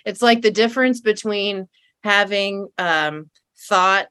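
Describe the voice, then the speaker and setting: A woman's voice: mid-range voice, slow, sharp tone, clear, resonant tone, dry recording, studio quality. A woman hosting a casual conversation, enthusiastic and affirming, leaning on "right?" and "you know". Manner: enthusiastic and affirming, with many fillers.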